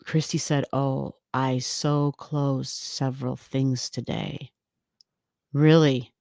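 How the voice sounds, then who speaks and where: Speaking slowly in a rumbling low voice with vocal fry, little pitch movement, and a darkish tone, a woman hosts an astrology livestream. She chats casually and rambles while greeting viewers and reading comments, laughing often and swearing lightly. The studio-quality recording has no echo.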